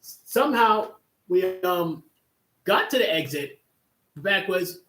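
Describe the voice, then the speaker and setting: A man's voice: sits high, expressive, slow, sharp tone. A man hosting a livestream, telling a long casual story that rambles with many restarts and asides. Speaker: livestream host. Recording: echoey room.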